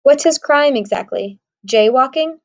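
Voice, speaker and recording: A woman's voice: high-pitched, expressive, unhurried, pitched above the performer's own voice. A woman doing a jumpy, whiny young cop. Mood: annoyed. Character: skinny, nervous young male police officer. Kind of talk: audiobook character voice.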